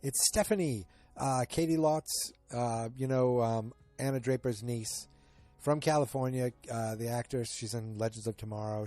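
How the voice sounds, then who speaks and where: A man's voice: mid-range voice, warm tone. A man hosting a podcast, casually recapping a TV episode in a rambling way with many fillers and restarts. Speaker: podcast host.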